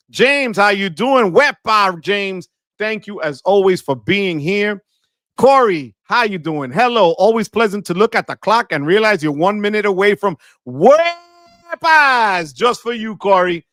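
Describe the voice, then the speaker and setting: A man hosting a live stream, greeting viewers one by one in an energetic, slangy way with Spanish words mixed in. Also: high voice, no room sound, clean studio sound. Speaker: livestream host.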